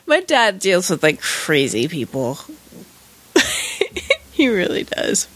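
A woman chatting casually on a podcast, wry and quick to chime in. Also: on the low side, wildly swooping pitch, a bit bright, no room sound. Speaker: podcast co-host. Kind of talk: casual chat.

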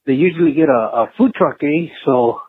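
A man's voice: on the high side, moderate pace, slight background noise. A man leaving a casual voicemail, telling a story in a laid-back, slangy way and peppering it with "eh" and "Holmes". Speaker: voicemail caller. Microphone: phone. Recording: tinny phone-line voicemail.

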